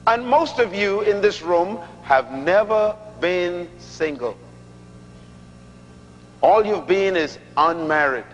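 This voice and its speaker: Middle-aged male preacher, very high voice, emphatic and joking sermon, dull lo-fi sound with long reverb. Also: lively intonation, a little hiss or hum. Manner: emphatic, repeats key lines slowly for effect; humorous, teasing the audience. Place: large church hall.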